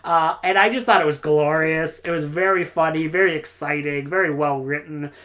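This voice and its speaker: A woman's voice: low-pitched, moderate pace, a bit bright. A woman reviewing books in a casual, rambling monologue, enthusiastic and full of "like" and "uh". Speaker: book reviewer.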